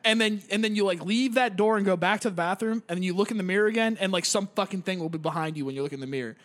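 Brief: young man, high voice, rambling casual chat, swears a lot. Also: rapid-fire, fairly bright tone. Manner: rambling, heavy filler words and swearing. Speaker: gamer describing a game.

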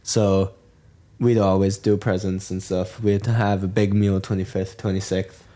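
Young male co-host from Germany, low voice, loose rambling chat. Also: flat delivery, unhurried, mellow. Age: young adult. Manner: rambling, many restarts and fillers. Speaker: podcast co-host. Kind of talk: casual chat.

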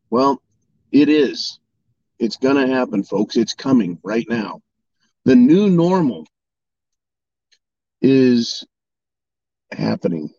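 A man's voice: medium pitch, warm tone, no room sound, muffled recording. A man delivering an angry political monologue, swearing and mocking opponents in sarcastic voices. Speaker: political commentator. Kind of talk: ranting monologue.

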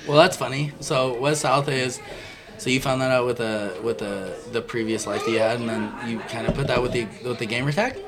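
A man's voice: mid-range voice, a little fast, a crowd in the background. A man telling a story in a casual chat, acting out the people in it and laughing as he goes. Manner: animated, laughing, acts out quoted voices.

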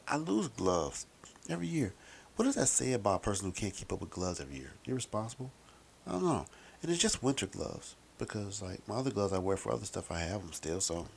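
A man's voice: fairly low pitch, gravelly. A middle-aged man talking in a casual, rambling, wry monologue with some profanity.

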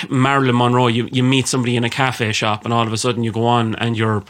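A man's voice: mid-range voice, quick pace. A young man with an Irish accent, co-hosting a podcast in blunt, sweary casual chat. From Ireland. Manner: blunt, sweary, lively storytelling. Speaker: podcast co-host.

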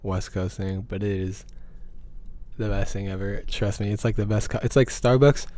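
A man's voice: lowish voice, fairly even intonation, moderate pace, mellow. A teenage boy chatting casually on a student podcast, rambling with lots of fillers. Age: teens. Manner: rambling, full of "like" and "um". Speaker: podcast guest or host. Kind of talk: casual chat. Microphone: podcast microphone.

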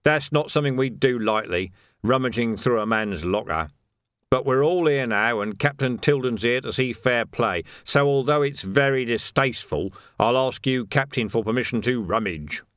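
A man's voice: medium pitch, moderate pace, fairly bright tone, no room sound, studio quality, lightly acted. A man voicing a sly, corrupt male sergeant who sounds falsely earnest and smug.

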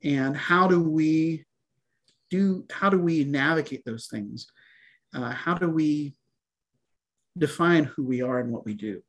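Husky-voiced pastor, casual sermon. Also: male voice, a little high, slow, pauses often. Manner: relaxed, conversational, with fillers and small laughs.

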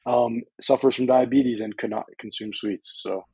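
A man's voice: medium pitch, fairly even intonation, normal speed, crowd noise, poor audio. A man producing a sports podcast, reading out a story hesitantly with many ums and uhs. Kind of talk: casual sports chat.

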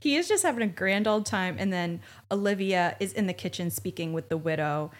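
A woman's voice: fairly low pitch, animated, brisk. A woman co-hosting a podcast, recapping a TV episode in casual chat with sarcastic, swearing asides. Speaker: podcast co-host.

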